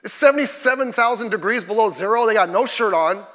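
A man preaching a fiery sermon as pastor, emphatic and rising to sudden shouts. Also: high voice, fast talker, big-room sound. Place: church sanctuary.

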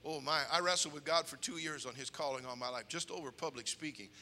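An older man preaching with humor, an animated storyteller with comic timing who slips into character voices. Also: on the high side, fast talker. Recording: long hall reverb.

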